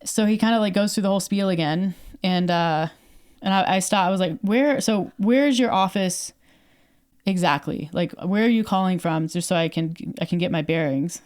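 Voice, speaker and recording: A woman's voice: fairly low pitch, fairly quick, darkish tone, clear, resonant tone. A young adult woman from Canada, co-hosting a podcast and telling a story in casual chat, acting out quoted dialogue with lots of fillers. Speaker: podcast co-host.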